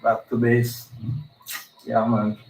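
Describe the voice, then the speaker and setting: A man's voice: mid-range voice, monotone, slow, gravelly, a little mellow. A man in a vlog clip, a missionary pilot speaking in a subdued, tired way. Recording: echoey vlog audio with ambient noise.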